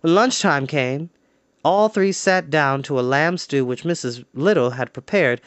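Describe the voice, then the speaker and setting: A storyteller reading a children's book aloud in an expressive, lively way. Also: medium pitch, measured pace, dry recording.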